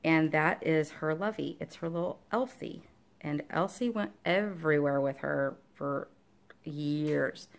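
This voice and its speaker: Lady vlogger rambling about her cross stitch, lowish voice w some vocal fry, lots of ums. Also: measured pace. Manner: chatty and rambling, many fillers; talks to her dog between topics. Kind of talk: casual show-and-tell chat.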